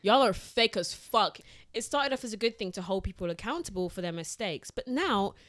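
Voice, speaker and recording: A woman, co-hosting a casual chat, blunt, animated and swearing freely. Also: medium pitch, moderate pace, no room sound, studio quality. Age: 20s. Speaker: podcast co-host.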